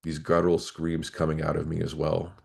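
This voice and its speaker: Very deep, gravelly man telling his story. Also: completely flat delivery, brisk, darkish tone. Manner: earnest, emotional, candid recounting. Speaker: podcast guest, former police officer. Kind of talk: personal story in an interview.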